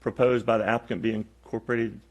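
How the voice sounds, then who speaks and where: A man serving as a county commissioner, reading out conditions for a motion in a halting way, correcting himself as he goes. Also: fairly low pitch, flat delivery.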